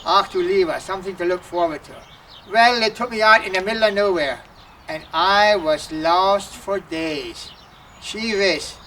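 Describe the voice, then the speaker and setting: A man's voice: high-pitched, unhurried, bright, forceful tone, a little hiss or hum. Man doing a folksy comic routine at an outdoor festival, faint crowd-area ambience behind. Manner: folksy, joking storyteller mixing in dialect phrases. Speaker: festival entertainer. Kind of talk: comic stage monologue. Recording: distant outdoor festival recording.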